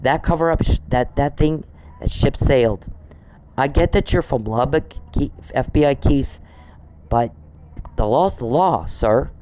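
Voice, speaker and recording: A man's voice: medium pitch, measured pace, mellow, slight background noise, rough recording. A man on a podcast, delivering an angry, profane monologue aimed straight at one person he scolds. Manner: indignant, profane, scolding someone directly.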